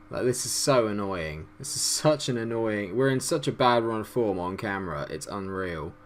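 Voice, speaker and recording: Excitable lad, lowish voice. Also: male voice, slight background noise. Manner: excitable, swearing, frustrated outbursts. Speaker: gaming YouTuber. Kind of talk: let's-play commentary.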